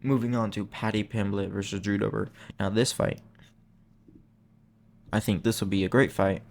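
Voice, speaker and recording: A man's voice: on the low side, steady tone, normal speed, creaky. A young man hosting a channel, talking in a casual, rambling way that is full of slang and self-corrections. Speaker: MMA channel host. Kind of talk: casual chat.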